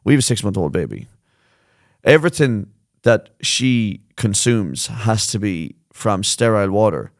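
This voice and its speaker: A man's voice: lowish voice, expressive, unhurried, dry recording, studio quality. A young Irish man co-hosting a podcast, chatting casually in a rambling, self-mocking way and swearing freely. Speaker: podcast co-host. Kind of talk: casual chat.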